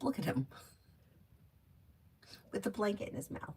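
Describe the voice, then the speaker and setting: A woman's voice: medium pitch, sing-song, a little slow, pauses often, darkish tone, a little hiss or hum. A middle-aged woman chatting casually at home on a livestream, laughing easily and telling stories before giving tarot readings. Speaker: tarot reader. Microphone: phone or webcam stream.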